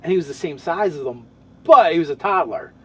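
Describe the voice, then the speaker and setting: A man's voice: a little high, expressive, fairly quick, a little mellow, slightly rough. A man in casual podcast chat, describing his tabletop game character, talking in loose, rambling sentences full of restarts and fillers.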